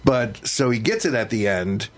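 A man's voice: mid-range voice, lively intonation, normal speed. A man chatting casually with friends, telling a long rambling story, swearing and mocking himself.

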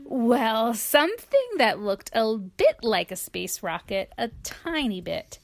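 A woman reading a picture book aloud to a child in a gentle, playful voice, pausing to explain and chat. She speaks slowly, with a slightly raised pitch. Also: very animated, vocal fry. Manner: gentle, playful, with chatty asides. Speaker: reader to a child.

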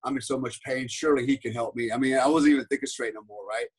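A man with a husky, slightly rough voice tells a long story at a brisk, rushing pace. He talks casually and keeps checking in with "right?" and "man", acting out the bits where he quotes people. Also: mid-range voice, low-quality recording. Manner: rambling, animated, peppered with "right?" and "man". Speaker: podcast guest, former special forces soldier.

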